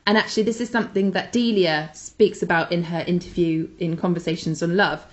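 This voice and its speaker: A woman's voice: on the low side, fairly even intonation, fairly quick. A woman co-hosting a chatty podcast, talking with gushing enthusiasm about things she recommends. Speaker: podcast co-host. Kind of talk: casual chat with recommendations.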